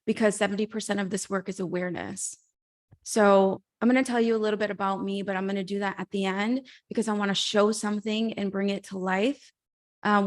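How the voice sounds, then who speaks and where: Woman coach giving a heartfelt pep talk on a video call, encouraging, laughs softly. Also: medium pitch. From Mexico. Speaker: life coach speaker.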